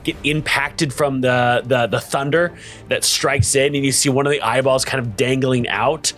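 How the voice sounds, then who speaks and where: A man running a tabletop game as game master, narrating combat with frequent laughs and halting fillers. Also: mid-range voice, steady tone, fairly bright tone.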